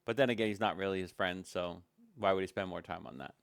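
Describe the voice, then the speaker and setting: A man's voice: low voice, quick pace, creaky, smooth, no echo, clean studio sound. A man reacting to a stream with blunt, sarcastic commentary.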